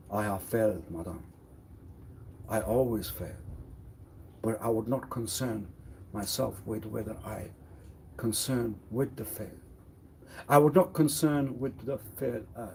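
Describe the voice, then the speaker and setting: A man on a solo live stream, rambling in circles and repeating phrases, with sudden loud outbursts. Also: on the low side, husky. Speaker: livestreamer.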